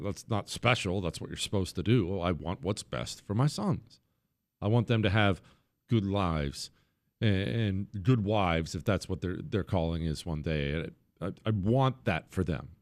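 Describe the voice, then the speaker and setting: A man's voice: low-pitched, dry recording, clean studio sound. A man hosting a talk radio show, delivering an opinionated monologue in an emphatic, sarcastic, often mocking way.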